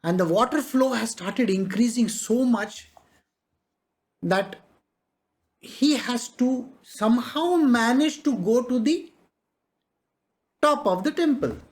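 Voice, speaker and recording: Slow, chuckling spiritual storyteller. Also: mid-range voice, expressive. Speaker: spiritual master. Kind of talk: devotional discourse with storytelling.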